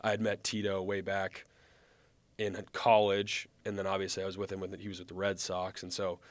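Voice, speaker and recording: A man in his thirties, a former baseball pitcher, telling his story in a relaxed, chatty way. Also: fairly quick, no echo. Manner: relaxed, chatty, acts out quoted lines. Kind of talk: casual storytelling.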